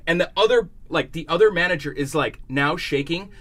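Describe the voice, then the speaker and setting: A young man with a slightly higher voice, spinning a story on a podcast. His telling is loose and full of swearing, and he slips into the voices of the people in it. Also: brisk. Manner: profane, lively retelling that acts out other people's lines. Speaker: podcast co-host. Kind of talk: casual storytelling chat.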